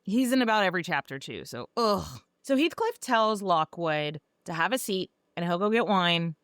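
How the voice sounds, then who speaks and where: A woman's voice: fairly low pitch, animated, normal speed, fairly bright tone, dry recording, studio quality. A woman podcast host giving a casual, sarcastic and profane recap of a book.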